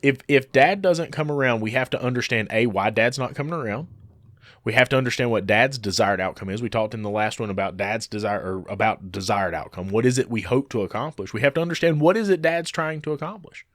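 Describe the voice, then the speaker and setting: A man's voice: mid-range voice, fast talker, no room sound, clean studio sound. A man co-hosting a podcast, animatedly telling stories and acting out the people he quotes. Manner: animated storyteller who acts out quoted people. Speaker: podcast co-host. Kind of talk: casual podcast chat.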